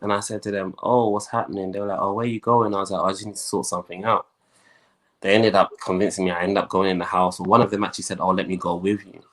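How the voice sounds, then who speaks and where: A young man, a guest, telling his life story in a lively way and acting out the voices of the people in it. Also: low voice, quick pace. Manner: animated storyteller, acts out quoted voices.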